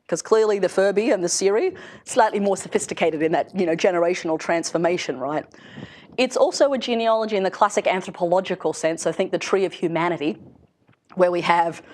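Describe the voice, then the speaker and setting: Lecturing to an audience in a relaxed, conversational seminar, this middle-aged woman, a researcher in industry, laughs softly between her points. She has a medium-pitched voice with a darkish tone.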